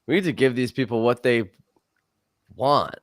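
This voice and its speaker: A young man co-hosting a podcast, chatting casually in an energetic, playful way. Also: medium pitch, normal speed, crowd noise. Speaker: podcast co-host.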